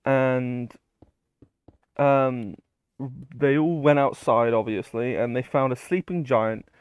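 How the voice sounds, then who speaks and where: A man's voice: mid-range voice, slow, smooth, no room sound, dull audio. A man casually retelling a myth, rambling with many fillers and casual swearing. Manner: rambling, filler-heavy, loose paraphrase. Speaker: storyteller.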